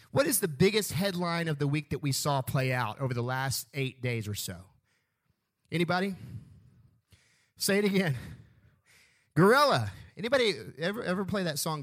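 A male pastor preaching a sermon, emphatic, leading call-and-response and slowing down on stressed phrases. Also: high voice, a bit bright. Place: church sanctuary.

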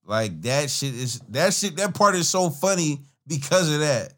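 Podcast host, a man with a fairly high, very lively voice, casual slangy reaction talk, faint music underneath. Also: a little slow. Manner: profane, laughing, rambling slang.

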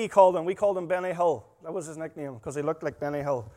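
A man preaching a sermon, emphatic and full of stories, his volume swinging between loud stresses and quiet asides. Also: a little high, steady tone, fast talker, hardly any pauses. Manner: emphatic, storytelling, rising and dropping volume. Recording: long hall reverb.

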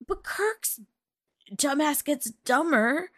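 A woman co-hosting a podcast in casual recap chat, expressive and quick with laughing asides. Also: high-pitched, no echo, clean studio sound. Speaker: podcast co-host.

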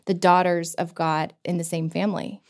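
A woman with a slightly low voice hosts a faith-based interview. She affirms her guest and shares her own experience with open emotion. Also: little pitch movement, moderate pace. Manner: warm, emotional, affirming listener. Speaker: interview host.

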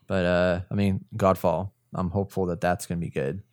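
Man from Texas, low voice, dry close sound, casual gaming podcast host, enthusiastic. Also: level tone, a little fast, darkish tone, no room sound. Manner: upbeat, enthusiastic about racing games. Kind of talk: casual podcast chat and news reading.

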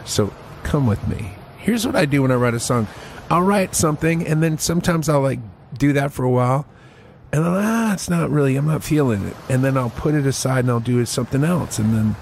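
Forties guy with a gravelly lowish voice, rambling sweary podcast host, faint noise behind. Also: a little mellow. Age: 40s. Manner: rambling, profane and self-mocking. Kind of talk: casual podcast monologue. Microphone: mic close in front of his face.

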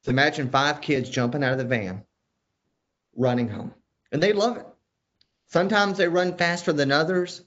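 A man telling family stories as a podcast guest, animated and jumping into other people's voices. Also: fairly high pitch, normal speed, pauses often, dull audio. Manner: animated storyteller who acts out family members' voices. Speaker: guest, father of five. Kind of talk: storytelling in conversation.

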